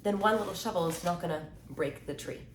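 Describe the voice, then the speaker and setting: A young woman in her twenties talks motivation straight to camera in a chatty, upbeat way, her voice sitting a little low. She often acts out short back-and-forth exchanges and leans on "like" and "right?" as she goes. The room echoes around her, and a faint hum of ambience sits behind her voice. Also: brisk. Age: 20s. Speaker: mindset content creator. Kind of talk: casual motivational talk to camera.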